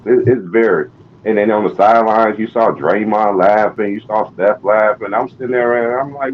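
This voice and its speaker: Deep-voiced man ranting about sports. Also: normal speed. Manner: profane, exasperated ranting. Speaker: panel guest. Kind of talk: heated sports chat. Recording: dull lo-fi call audio with faint noise.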